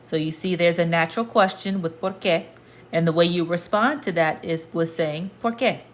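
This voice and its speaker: A woman's voice: lowish voice, normal speed. A woman teaching a casual language lesson, explaining patiently and repeating points to the viewer. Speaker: Spanish teacher.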